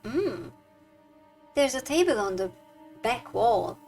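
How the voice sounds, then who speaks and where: A woman's voice: on the high side, sing-song, slow, a little mellow, faint music behind. Woman streamer with a strained voice. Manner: reads game text aloud, chatty asides. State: strained tired voice. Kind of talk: let's play commentary.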